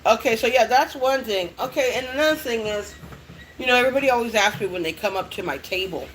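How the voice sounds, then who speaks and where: A woman's voice: a little high, fast talker, slight background noise, low-quality recording. A middle-aged mother chatting casually to her viewers, rambling and swearing often. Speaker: vlogger. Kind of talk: casual chat.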